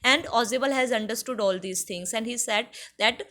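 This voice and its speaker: A woman teacher with an Indian accent, reading a textbook chapter aloud and paraphrasing it slowly for her students, with many fillers. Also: on the high side, sharp tone. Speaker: English teacher. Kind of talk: classroom lesson explaining a textbook chapter.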